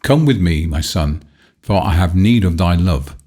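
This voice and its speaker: A man's voice: deep voice, animated, a little slow, mellow, breathy edge, exaggerated voice. A man voicing a ragged beggar woman who pleads with her lost son in archaic speech in a storybook reading. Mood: pleading.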